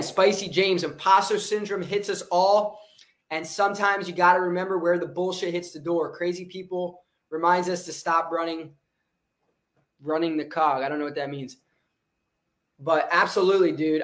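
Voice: medium pitch, fairly bright tone. A motivational livestream host giving an unscripted, intense and profane pep talk, often breaking off to answer viewer comments. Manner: intense, profane, repetitive hype. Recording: roomy echoey room.

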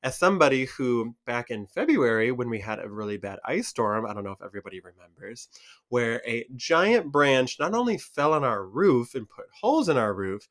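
A man from Michigan with a Michigan accent, chatting casually to camera as a vlogger, animated and full of fillers. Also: mid-range voice, moderate pace.

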